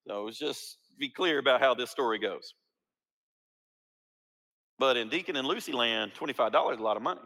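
A man's voice: mid-range voice, a little fast, pauses often, bright, forceful tone. A man preaching a sermon, acting out quoted lines with jokey asides. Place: church sanctuary. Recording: reverberant church hall.

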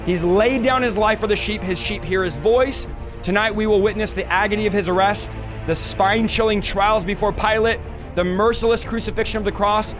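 A man hosting a revival podcast, teaching through a Bible book in a casual, energetic and playful way. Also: sits high.

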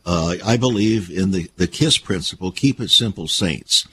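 A man's voice: low voice, normal speed, a bit bright, breathy edge. A man hosting a Christian radio talk show, interviewing a guest and giving folksy, preacherly commentary to his listeners.

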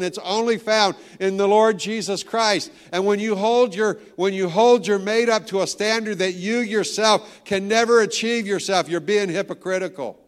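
A man's voice: high-pitched, clear, resonant tone. A male pastor in his sixties giving a sermon, telling stories and joking with the congregation, hitting key lines hard. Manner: storytelling, joking with the crowd, emphatic. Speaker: guest pastor.

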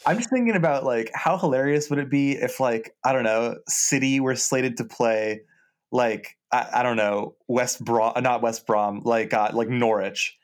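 A young man co-hosting a podcast in relaxed casual chat, with many fillers. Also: mid-range voice, normal speed. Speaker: podcast co-host.

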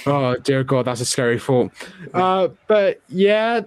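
Chatty podcast host, dry sound. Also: male voice, medium pitch, animated, takes it slowly, clean tone, no echo. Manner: chatty, jokey, opinionated. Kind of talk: casual film review chat.

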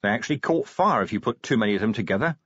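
A gruff, short-tempered city police commander, voiced by a male audiobook narrator who growls out his complaints. The delivery is lively and up and down. The recording is dry and slightly muffled. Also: lowish voice, racing, no room sound. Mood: wry. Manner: growling, exasperated. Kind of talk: audiobook character voice.

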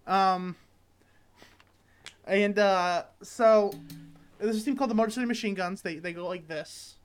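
A young man from Michigan co-hosting a comedy podcast, telling a long, profane, rambling story with lots of restarts. He sounds tired, and his voice has not warmed up yet. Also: sits high, measured pace, smooth. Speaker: podcast co-host. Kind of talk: casual comedic chat.

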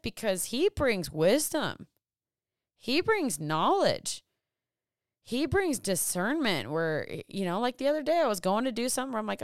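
A young woman giving a casual faith talk, animated, full of rhetorical questions and self-deprecating asides. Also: mid-range voice, clear, resonant tone, dry recording, studio quality. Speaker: Christian vlogger and small business owner.

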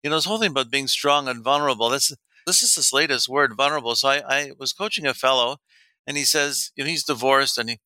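A man's voice: medium pitch, quick pace, no room sound. A middle-aged man coaching men on dating, telling stories in casual talk and acting out the dialogue with laughs. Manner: animated storyteller, acts out quoted dialogue, laughs often.

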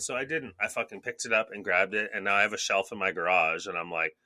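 A man's voice: on the low side, steady tone, quick pace, few pauses, sharp tone, no room sound. A man in his thirties from Canada, co-hosting a casual podcast, rambling and swearing freely as he acts out his own thoughts. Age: 30s. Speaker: podcast co-host. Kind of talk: casual chat.

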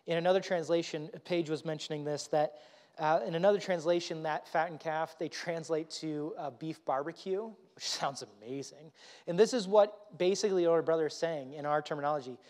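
A man's voice: fairly high pitch, a little fast, darkish tone. A male pastor giving a casual, conversational sermon with fillers and repeated words. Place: church.

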